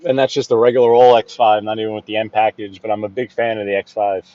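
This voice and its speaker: A man's voice: lowish voice, little pitch movement, fast talker, warm tone, no echo. New man, chatty driving commentary, repeats himself, inside a car, slightly dull phone audio. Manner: chatty, laughs at his own stories, repeats phrases. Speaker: vlogger driving through his neighborhood. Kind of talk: casual running commentary while driving. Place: inside a car on city streets.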